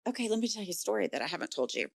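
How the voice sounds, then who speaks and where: A woman's voice: mid-range voice, very animated, rapid-fire, vocal fry. A woman co-hosting a podcast, telling stories in a blunt, sassy way. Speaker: podcast co-host. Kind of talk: casual podcast chat.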